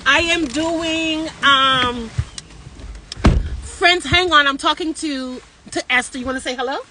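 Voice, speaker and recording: A woman's voice: high voice, measured pace, noisy background. An older woman hosting a casual live stream from a parked car on her phone, cheerfully greeting viewers in several languages. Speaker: social media live host.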